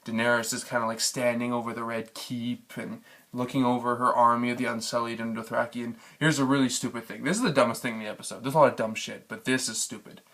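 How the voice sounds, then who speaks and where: A man's voice: mid-range voice, fairly even intonation, quick pace, fairly bright tone. A man giving a casual spoken review of a TV episode, frustrated and ranting, swearing freely. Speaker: TV show reviewer.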